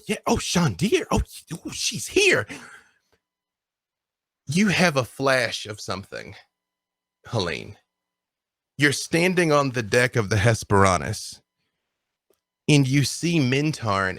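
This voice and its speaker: A man's voice: mid-range voice, sharp tone, no echo, studio quality. A man running a tabletop game as game master, narrating scenes dramatically.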